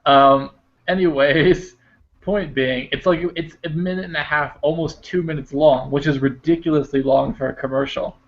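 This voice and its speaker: A man's voice: on the high side, steady tone, normal speed. A man chatting casually as a podcast co-host, rambling through stories and swearing offhandedly. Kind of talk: casual chat. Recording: dull lo-fi podcast audio.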